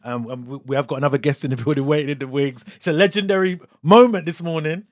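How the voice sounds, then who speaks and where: A man's voice: a little high, fast talker, dry recording, studio quality. A man hosting a radio show as a DJ, interviewing a guest with enthusiasm and hyping her up. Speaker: radio DJ and host.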